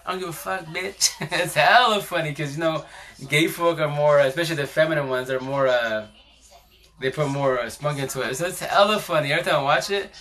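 A man's voice: fairly high pitch, fairly quick, a bit bright. A man hosting a casual live stream on his phone, talking in a rambling, slangy way and swearing freely.

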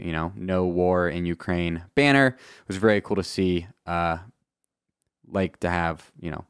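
A man talks through the news in a casual, wry commentary, sure of himself and fond of asides. His voice sits a little low. The sound is dry and close, with no room echo. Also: smooth. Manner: chatty, wry and self-assured, with asides. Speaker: podcast host.

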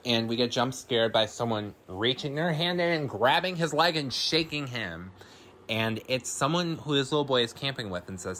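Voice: medium pitch, expressive, normal speed, a bit bright, a little hiss or hum. A podcast host giving a casual film recap, rambling with lots of fillers and swearing freely.

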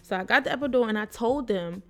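A woman's voice: fairly high pitch, expressive, quick pace, a bit bright. Blunt young woman telling a raw story. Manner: blunt, swears freely, acts out quotes of nurses and herself. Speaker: podcast co-host. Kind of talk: candid personal storytelling.

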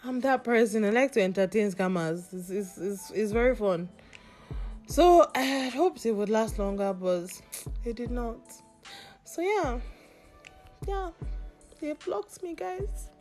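A woman's voice: on the high side, expressive, a little slow, pauses often, darkish tone, soft background music. A woman hosting a podcast, telling a story in a casual, gossipy way and swearing now and then. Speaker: podcast host.

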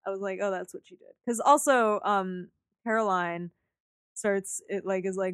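A woman co-hosting a casual chat about a film, animated and laughing, acting out lines in quotes. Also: medium pitch, moderate pace, clean tone, no room sound, clean studio sound. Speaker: podcast co-host.

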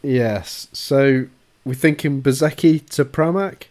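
A man co-hosting a casual podcast, talking in a calm, matter-of-fact way about motorcycle racing. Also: mid-range voice, slow pace. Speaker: podcast co-host. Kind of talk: casual chat.

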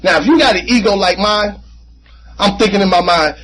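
A man speaking at a recovery meeting, telling his personal story in an animated, conversational way with casual slang and frequent repeats. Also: high-pitched, a little fast, slight background noise, rough recording. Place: meeting room.

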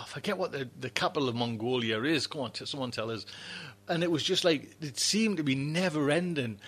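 Rambling male podcast host, slightly high. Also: fairly bright tone. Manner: rambling, emotional, many restarts. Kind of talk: chatty introduction.

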